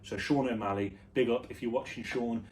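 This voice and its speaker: A young British man vlogging in a low-energy, offhand, musing way, rambling through casual chat. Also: fairly even intonation, brisk, a little mellow. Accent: British English. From United Kingdom. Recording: slightly distant mic with faint background noise.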